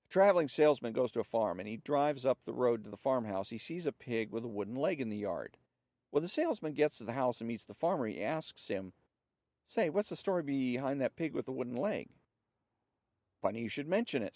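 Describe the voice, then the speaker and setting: A man hosting a show, reading jokes aloud in a relaxed storytelling way and acting out the characters' lines. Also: mid-range voice, fairly quick, dry recording, muffled recording. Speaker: host.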